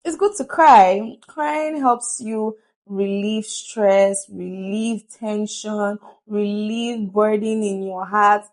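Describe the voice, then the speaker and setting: A woman's voice: mid-range voice, steady tone, slow pace. A woman giving a chatty, earnest motivational talk to camera, laughing often. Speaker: vlogger.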